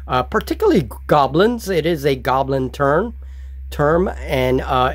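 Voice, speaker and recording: A man narrating a solo tabletop game as game master, describing the scene slowly and deliberately. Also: mid-range voice, dry recording. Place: hobby table with miniatures.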